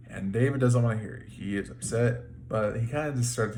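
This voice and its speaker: A man's voice: medium pitch, a little fast, few pauses, a little mellow, slight background noise. A man who blogs as a trucker, retelling a Bible story in an informal, slangy way with frequent restarts. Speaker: trucker video blogger.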